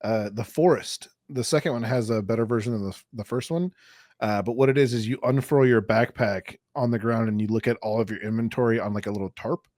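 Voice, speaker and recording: A man co-hosting a gaming podcast, telling stories in a lively way, swearing and laughing as he goes. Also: mid-range voice, a little fast, dry recording, clean studio sound. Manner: animated storyteller, swears and laughs often. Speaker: podcast co-host. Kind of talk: casual podcast chat.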